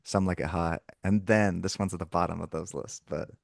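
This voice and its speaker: A soft-spoken man co-hosting a podcast, retelling anecdotes in a casual movie chat and trailing off at the ends of thoughts. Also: low-pitched, fairly even intonation, a little fast, vocal fry, no room sound, studio quality. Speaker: podcast co-host.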